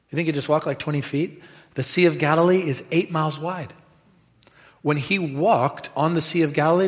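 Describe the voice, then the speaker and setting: A man preaching a sermon in a lively, animated way, dropping to quiet asides and rising to loud bursts. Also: fairly high pitch, normal speed. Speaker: pastor. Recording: reverberant hall.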